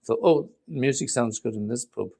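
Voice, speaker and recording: A man co-hosting a podcast, telling relaxed travel stories in casual chat with his partner. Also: medium pitch, normal speed, creaky. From Liverpool. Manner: relaxed anecdotal storytelling with frequent laughs. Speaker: podcast co-host.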